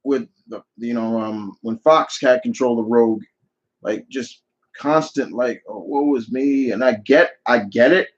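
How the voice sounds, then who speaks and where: A man answers viewer questions on a live stream, chatty and opinionated. He circles back and restarts his sentences as he talks things through. His mid-pitched voice comes through slightly muffled, lo-fi audio. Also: measured pace. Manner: opinionated, rambling with frequent restarts. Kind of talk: live Q&A chat.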